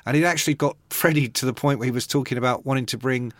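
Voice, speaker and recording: A man's voice: medium pitch, fast talker, a bit bright, dry recording. A man co-hosting a music podcast, telling wry anecdotes in casual chat. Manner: wry, anecdotal, slips into voices for impressions. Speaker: podcast co-host.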